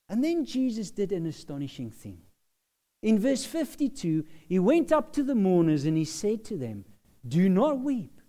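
Slow, lively high-voiced male preacher. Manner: expressive, with emphatic bursts of loudness. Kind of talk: sermon, Bible exposition.

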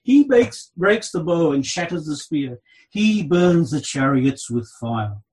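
A man preaching an expository sermon, reading scripture aloud with a dramatic delivery that swings between loud and soft. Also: very animated, poor audio. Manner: dramatic, slow delivery with wide swings in pitch and loudness.

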